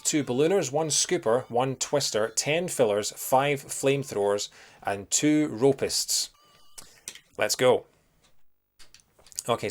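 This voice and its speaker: A young man with a soft Scottish accent, chatting casually and thinking aloud while streaming a retro game, greeting viewers as he goes. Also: mid-range voice. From Scotland. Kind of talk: casual live-stream commentary.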